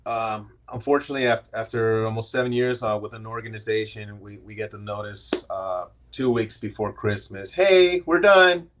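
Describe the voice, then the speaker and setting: A man's voice: lowish voice, flat delivery, moderate pace, hardly any pauses. A man, a guest in an interview, talking candidly and earnestly about his own work life and slipping into quoted voices as he tells it. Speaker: guest, AI strategist. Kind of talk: conversational interview storytelling.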